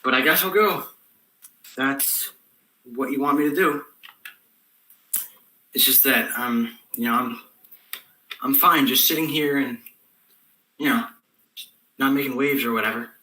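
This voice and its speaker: A man's voice: mid-range voice, a little slow, pauses often, pushed and bright. Young man playing a sulky reluctant teen boy. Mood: grudging. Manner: reluctant, grudging, mumbling. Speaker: student actor. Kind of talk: comic stage monologue. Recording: echoey room from far off.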